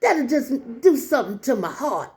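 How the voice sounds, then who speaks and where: Woman doing a grieving old lady in her eighties, stammery and pleading, high and lively. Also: normal speed.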